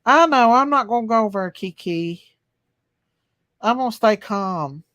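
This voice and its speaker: A woman's voice: a little high, lively intonation, unhurried, fairly bright tone, no echo, studio quality. Folksy woman hosting a live chat. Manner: chatty, folksy, sings to viewers. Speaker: livestream host reading chat.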